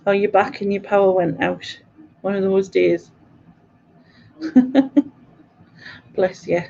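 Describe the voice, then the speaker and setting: A woman with a broad Mackem accent from North East England, hosting a live quiz stream. She chats in an easy, unhurried way, answering viewer comments and laughing often, at a mid pitch. The stream audio is a little dull and lo-fi. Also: vocal fry, dark tone, slight background noise. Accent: Mackem, North East English. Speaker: livestream quiz host. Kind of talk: casual chat, reading viewer comments.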